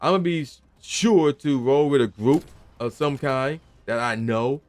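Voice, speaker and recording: A man's voice: mid-range voice, unhurried. A young man hosting a gaming channel, ranting emphatically in casual slangy talk and sometimes acting out the people he quotes. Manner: animated, emphatic, acts out quoted voices, slangy. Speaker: gaming commentary channel host. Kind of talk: casual opinion rant.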